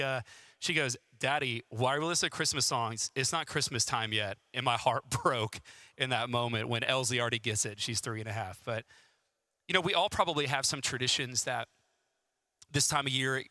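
A man's voice: mid-range voice, pushed and bright, dry recording. A man in his thirties, a pastor giving a sermon with personal stories, chatty and self-deprecating and laughing often.

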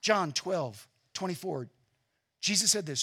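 A man preaching a sermon as pastor, earnest and emphatic, at times dropping to a quiet, reflective tone. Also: fairly high pitch, animated, unhurried, husky.

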